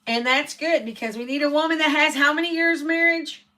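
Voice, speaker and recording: A middle-aged woman, chatting casually and laughing often, dropping soft when she reflects. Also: sits high, fairly quick. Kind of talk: casual chat.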